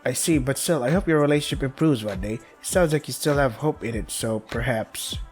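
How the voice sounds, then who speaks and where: A man's voice: medium pitch, brisk, soft background music, close to an everyday voice. A man reading a stiff, polite young painter. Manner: courteous, stiff, takes things literally.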